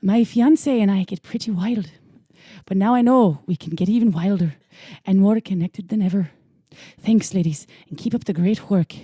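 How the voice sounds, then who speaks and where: A woman's voice: mid-range voice, moderate pace, warm tone, slightly rough, dry recording, clean studio sound, lightly acted. A woman reading a listener review aloud in a playful, amateur mock Irish accent.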